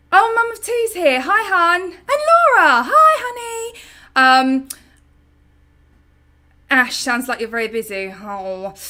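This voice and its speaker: A woman's voice: on the high side, pushed and bright. A young woman from the UK hosting a casual live stream at home, chatting openly and reading out viewer comments. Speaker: lifestyle channel host.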